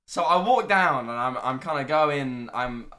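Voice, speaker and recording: A man's voice: mid-range voice, expressive, unhurried, bright, forceful tone. A young man in his twenties, telling a long rambling story in casual chat with many restarts. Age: 20s.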